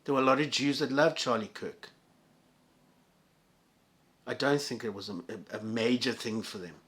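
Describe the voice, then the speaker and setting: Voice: mid-range voice, normal speed, a bit bright. A vlogger delivering an angry, profane solo rant to viewers, with heated stammering restarts.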